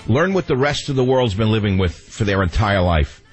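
A man's voice: expressive, brisk, over music, rough recording. A man hosting a radio talk show, delivering a sarcastic, ranting monologue. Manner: sarcastic, ranting, sweeping pitch swings.

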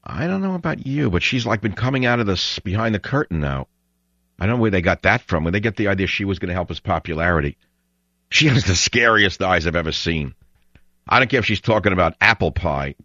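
Brief: combative male talk radio host, sarcastic, swooping expressive delivery, dry dull lo-fi sound. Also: low-pitched, a little fast, dry recording.

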